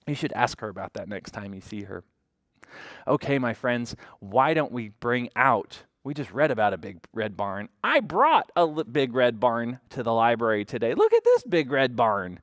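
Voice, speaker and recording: A man's voice: clear, resonant tone, dry recording, clean studio sound. Sing-song male children's librarian. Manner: sing-song, soft hushed lows and bright high exclamations. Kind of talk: toddler story time reading aloud.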